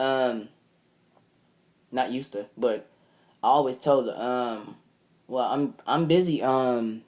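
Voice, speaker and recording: A man's voice: medium pitch, a little mellow. A young man vlogging a casual, rambling story, swearing freely and retelling it line by line. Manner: rambling, profane, retells with "I'm like".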